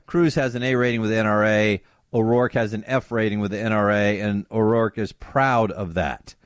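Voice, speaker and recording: A man's voice: mid-range voice, expressive, normal speed, no echo, studio quality. A man filling in as host of a talk radio show, giving sarcastic commentary and mocking opponents. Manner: sarcastic, mocks opponents in put-on voices.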